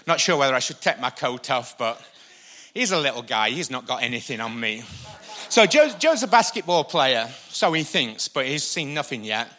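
A male pastor preaching a sermon, energetic and repetitive for emphasis. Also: mid-range voice, normal speed. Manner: energetic, repeats lines for emphasis, uses a helper for a live demonstration. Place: church stage before a congregation.

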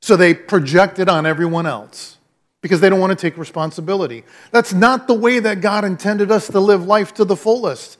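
A man's voice: sits high, fairly quick. A man preaching a sermon as pastor, conversational and emphatic, often repeating his key phrases.

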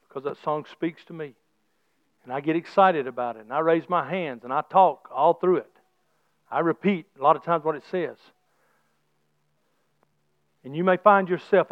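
A middle-aged man preaching a sermon as pastor, his delivery swinging from soft low talk to shouted praise, with folksy church grammar. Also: clean tone, dry recording. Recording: slightly dull lo-fi sound.

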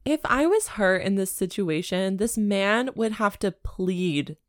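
A woman's voice: medium pitch, lively intonation, a little slow, dry recording, studio quality. A woman co-hosting a comedy podcast, blunt and sarcastic, swearing freely as she roasts a romance novel. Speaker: podcast co-host. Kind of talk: casual chat.

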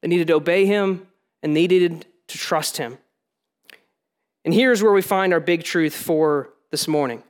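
A man with a fairly high voice preaches to his congregation. He talks plainly and conversationally, and he slips in casual asides between points. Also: measured pace, smooth. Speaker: pastor. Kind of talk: sermon.

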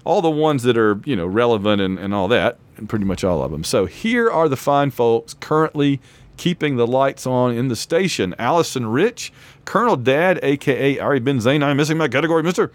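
A hoarse man co-hosting a podcast in casual chat, rambling and laughing often. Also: medium pitch, sing-song, a little fast. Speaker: podcast co-host; lecturer.

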